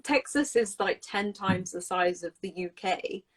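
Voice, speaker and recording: A woman's voice: medium pitch, a little slow, a loud crowd, low-quality recording. A woman teacher in a casual live chat, speaking frankly and bluntly and laughing easily. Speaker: English teacher.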